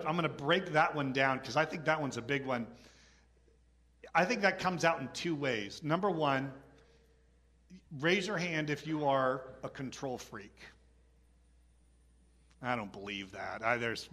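A middle-aged man delivering a sermon in a chatty, animated style. His voice sits a little high and sounds bright and forceful. He often slips into quoted voices to act out scenes. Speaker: pastor.

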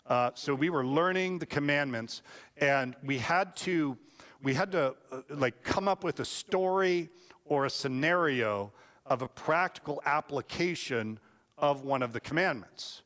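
A male pastor with a slightly high voice, preaching in a loose, joking storytelling manner. His words ring out with the long reverb of a church sanctuary. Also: a little slow, fairly bright tone. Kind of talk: sermon.

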